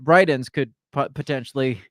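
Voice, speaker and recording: A man co-hosting a podcast from the Midwestern US, chatting casually about politics and reading news articles aloud in an animated way. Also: mid-range voice, normal speed, no echo, studio quality. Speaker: podcast co-host.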